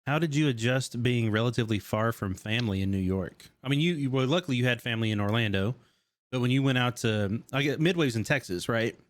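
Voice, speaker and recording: A man's voice: mid-range voice, fast talker, no room sound. Man hosting a casual interview, dry sound. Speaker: podcast host.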